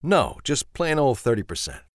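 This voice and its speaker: A man voicing a wry, gruff garage owner who talks in a drawling, bargaining way in an audiobook. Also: medium pitch, very animated, normal speed, no echo, clean studio sound, pitched above the performer's own voice, lightly acted. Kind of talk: audiobook character voice.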